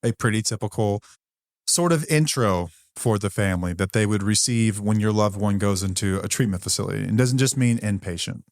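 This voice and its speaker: A man's voice: lowish voice, dry recording, studio quality. A man co-hosting a podcast who talks in a candid, blunt, conversational way with some mild swearing. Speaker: podcast co-host.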